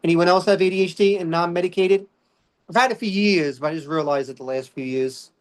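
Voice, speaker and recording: A man's voice: high voice, fairly quick. A middle-aged man, doing a rambling stand-up set full of fillers and "all right?" check-ins. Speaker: stand-up comedian.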